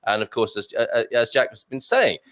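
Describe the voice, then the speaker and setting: A man's voice: mid-range voice, sing-song, fairly quick, fairly bright tone, no echo. A male host of a live chat show, jokey and chatty, reading out viewer messages between guests.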